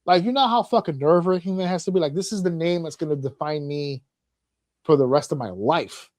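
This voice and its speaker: Podcast host, man, high-ish voice, dry close mic, profane and animated, slips into mocking voices. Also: a little fast, no echo. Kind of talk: casual chat.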